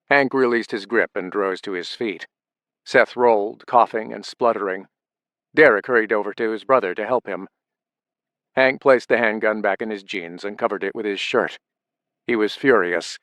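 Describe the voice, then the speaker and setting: A man reading an audiobook in steady, measured scripted narration. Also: fairly low pitch, dry recording.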